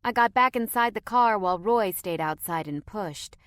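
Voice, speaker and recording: A woman's voice: medium pitch, normal speed, a bit bright, no echo, clean studio sound. A woman reading a first-person audiobook with tense, dramatic storytelling. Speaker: audiobook narrator.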